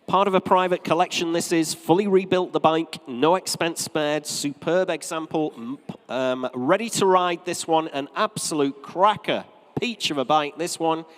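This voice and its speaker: A man with a North East English accent calls a live auction from the rostrum, his voice sitting a little high for a man. He rattles through bids in brisk, repetitive patter and drops in joking asides. The sound carries the long reverb of a big sale room. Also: fairly bright tone. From North East England.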